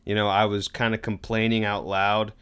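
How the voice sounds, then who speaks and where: A man's voice: fairly low pitch, little pitch movement, moderate pace, a bit bright, smooth. Rambling casual male podcast co-host. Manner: rambling, self-deprecating, tries joke accents. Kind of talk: casual chat.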